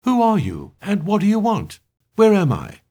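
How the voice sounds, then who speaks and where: A man voicing a frightened young woman officer held captive, rushing out her questions as panic rises. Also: high-pitched, wildly swooping pitch, mellow, pitched above the performer's own voice, heavily acted. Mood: panicked. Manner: rushed, rising toward panic.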